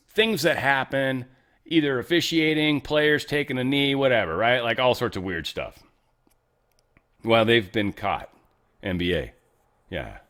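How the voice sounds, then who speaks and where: A man's voice: mid-range voice, a bit bright. A man hosting a casual political commentary show, rambling with frequent fillers and restarts. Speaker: show host.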